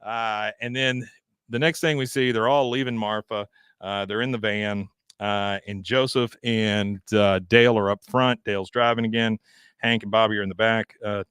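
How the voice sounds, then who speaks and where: A man's voice: fairly low pitch, fairly even intonation, moderate pace, a bit bright, smooth, no room sound, clean studio sound. A man co-hosting a live podcast, retelling a cartoon episode and acting out the characters' lines in raised voices. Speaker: podcast co-host. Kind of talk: casual chat, retelling an episode.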